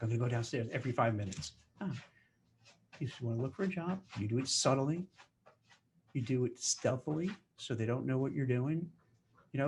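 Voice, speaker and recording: A man giving casual career advice in a lively way. He acts out office chatter in mock voices. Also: medium pitch, a little hiss or hum. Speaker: career commentator.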